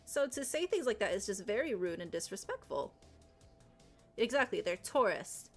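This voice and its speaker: A loud, animated woman chats on her live stream, her voice sitting in a mid range. She turns emphatic and repeats herself when she rants. Soft music plays faintly underneath. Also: medium pitch, normal speed. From Latin America. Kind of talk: casual live-stream chat.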